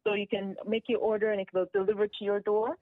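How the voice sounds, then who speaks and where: A woman's voice: medium pitch, animated, quick pace, no room sound. Woman on a tinny phone line. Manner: warm shout-outs, upbeat announcing. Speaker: community association representative. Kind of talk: radio call-in announcements.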